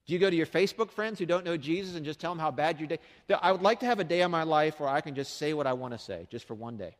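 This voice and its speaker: A man's voice: a little high, animated, rapid-fire, big-room sound. A middle-aged man preaching a sermon as pastor, speaking conversationally and asking the congregation rhetorical questions. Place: church sanctuary.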